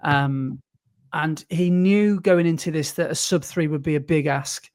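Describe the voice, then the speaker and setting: A man's voice: on the high side, a little slow, a little mellow. A man from the UK co-hosting a running podcast, chatting casually with lots of fillers and restarts. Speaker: podcast co-host. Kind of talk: casual chat.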